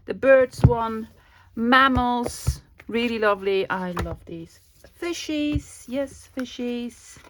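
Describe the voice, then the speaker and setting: A woman's voice: medium pitch, a little hiss or hum. Chatty woman with a cold. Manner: bursts of giddy excitement, chatty. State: coming down with a cold, sore throat. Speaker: vlogger showing a thrift haul. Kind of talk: casual chat.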